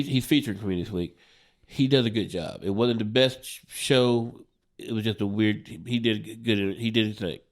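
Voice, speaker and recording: A man, a stand-up comedian, telling a profane road story in casual chat, laughing and acting out the people in it. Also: on the low side. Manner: acts out drunk friend in quoted voices.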